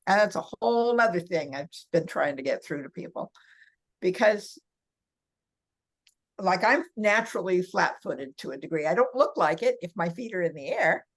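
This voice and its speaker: In a relaxed interview, an older guest from California describes her massage work with seniors. Her voice leans low and expressive at a moderate pace, and she laughs frequently while telling her chatty stories.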